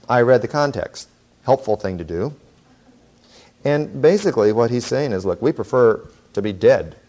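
A middle-aged man giving a lively sermon with humorous, sarcastic asides. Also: mid-range voice. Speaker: preacher.

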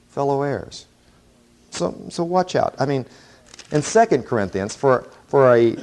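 A middle-aged man preaching a sermon in a voice of ordinary pitch for a man. He jokes and throws in sarcastic asides as he explains the text, and keeps his delivery lively.

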